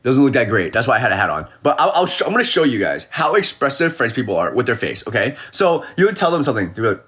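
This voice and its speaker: A man chatting casually on a phone live stream as an animated storyteller who acts out the people he quotes. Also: medium pitch, fast, breathy edge. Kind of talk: casual livestream chat.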